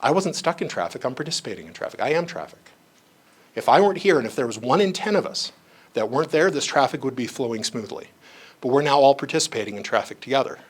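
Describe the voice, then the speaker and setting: A man's voice: medium pitch, expressive, quick pace, breathy edge. A man giving a staff training on psychology, talking conversationally and acting out the people in his stories. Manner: conversational, acts out quoted voices in stories; frequent asides like "you know" and "right". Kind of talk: training lecture with anecdotes.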